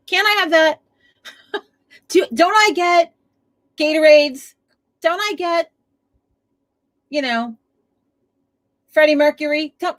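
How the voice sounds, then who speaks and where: A woman hosts a casual live stream from home, talking to her viewers. Her fairly high voice swings widely up and down as she chats, swears and laughs often. It sounds like a home desk setup with a webcam. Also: fairly bright tone. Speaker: livestream host.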